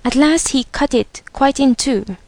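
A woman narrating a storybook with a measured, expressive reading. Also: sits high, dry recording. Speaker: reader.

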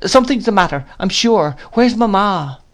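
A man voicing a frightened, tearful young boy with a high, pleading voice in an audiobook reading. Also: expressive, moderate pace. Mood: anxious pleading.

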